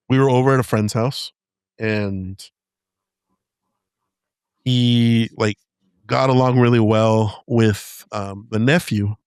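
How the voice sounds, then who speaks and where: A man's voice: lowish voice, clear, resonant tone, no echo, studio quality. A young man from Southern California hosting a casual podcast, telling stories, laughing often and slipping into quoted voices. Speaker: podcast host.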